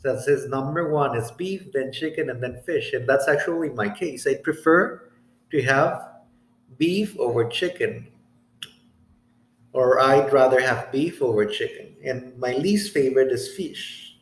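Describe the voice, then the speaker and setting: Teacher, male, patient and very slow, drawn-out example sentences with frequent "okay?", echoey room. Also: medium pitch. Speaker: English teacher. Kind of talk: recorded grammar lesson.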